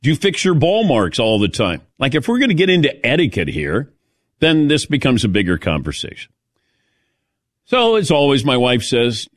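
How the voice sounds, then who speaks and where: A male talk host in casual conversation, telling stories with a sarcastic edge. His voice sits at an ordinary middle pitch. The sound is close and dry. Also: wildly swooping pitch, normal speed, no room sound. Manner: chatty storyteller with a sarcastic edge. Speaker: radio sports talk host.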